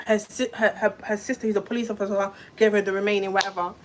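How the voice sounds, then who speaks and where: A woman's voice: mid-range voice, little pitch movement, quick pace, a little hiss or hum. Chatty young woman. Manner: chatty, swears, lots of fillers and restarts. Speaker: vlogger telling a story. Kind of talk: casual storytime.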